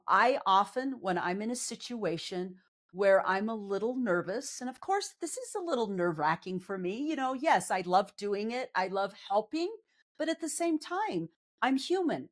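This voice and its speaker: A woman psychologist and life coach speaking in a conversational interview, earnest and candid, with a reassuring way of explaining things. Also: mid-range voice. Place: on camera.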